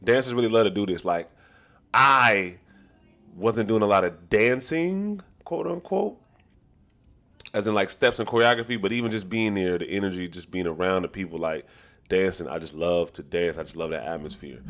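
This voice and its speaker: A man who talks loudly and laughs often, chatting casually to his live-stream audience as a dancer. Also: low voice, fairly quick. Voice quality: talks loud. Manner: animated and laughing, slangy.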